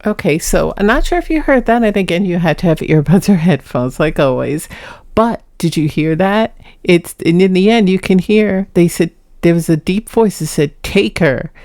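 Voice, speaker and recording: A woman with a low voice walks viewers through her ghost recordings, one clip at a time. She talks casually and hesitantly, often circling back to repeat herself. Her voice is close to the mic and sounds dry. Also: expressive, moderate pace, a little mellow, no room sound. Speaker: paranormal vlogger. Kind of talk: casual narration of audio clips.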